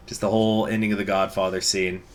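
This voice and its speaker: A man's voice: sits low, level tone, normal speed. A man hosting a strategy game playthrough, reading event text aloud and adding casual joking asides. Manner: casual, joking asides between read-out passages. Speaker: let's play host.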